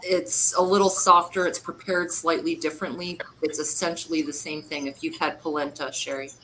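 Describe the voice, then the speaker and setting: A woman's voice: low-pitched, fairly even intonation, moderate pace, pushed and bright, rough recording. A woman in a casual livestream chat who talks playfully about food. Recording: clear background noise.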